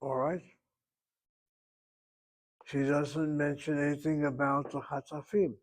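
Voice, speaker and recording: A man's voice: on the high side, little pitch movement, slow pace, rough recording. Opinionated male Hebrew teacher explaining grammar. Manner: emphatic, opinionated, explains step by step. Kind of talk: classroom grammar lesson.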